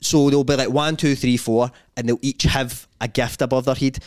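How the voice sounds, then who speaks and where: A young man with a Scottish accent co-hosting a casual podcast, telling animated stories full of slang and breaking into loud laughter. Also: mid-range voice, normal speed, no room sound, clean studio sound. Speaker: podcast co-host. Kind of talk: casual chat.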